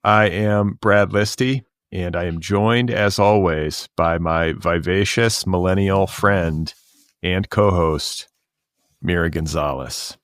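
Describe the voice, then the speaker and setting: A man hosting a pop culture podcast, chatting casually and reading ads in a dry, deadpan way. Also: deep voice, takes it slowly, no echo. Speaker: podcast host.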